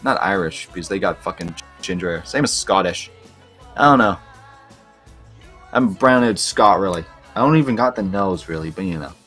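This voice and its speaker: A young Canadian man whose speech carries a Boston-like East Coast edge, speaking in a fairly low register. He rambles through crude, casual banter and laughs often. Faint music plays underneath. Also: animated, normal speed, a bit bright. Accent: Canadian, Boston-like East Coast tinge. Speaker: livestream co-host. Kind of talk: casual chat.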